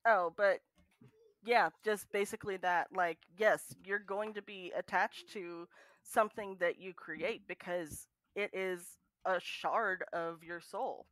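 A woman guest on a podcast, chatting in an animated way with lots of fillers. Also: lowish voice, takes it slowly, no room sound. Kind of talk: casual podcast chat.

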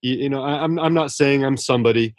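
A man's voice: mid-range voice, quick pace, no echo. A man speaking as a guest author in a casual podcast interview, earnest and effusive, often restarting his sentences.

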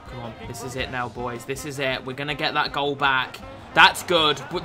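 A young man giving football video game commentary, swearing often and shouting at the game. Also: mid-range voice, steady tone, moderate pace, faint music behind. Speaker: gaming YouTuber.

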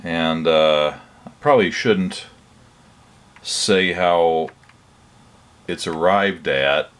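An older man narrates a demo for his hobby electronics channel, relaxed and plain-spoken, with hesitant pauses. His voice is deep and clean.

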